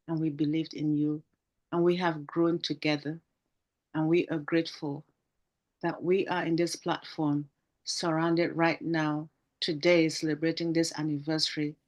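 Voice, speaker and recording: Fervent woman giving a tribute speech. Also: low-pitched. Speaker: panel team member. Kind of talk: tribute speech on a video call.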